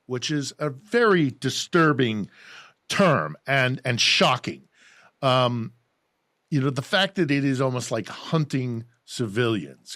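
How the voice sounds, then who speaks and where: A male host asking interview questions in a measured way, sometimes restarting words. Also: medium pitch, a bit bright, no room sound, clean studio sound.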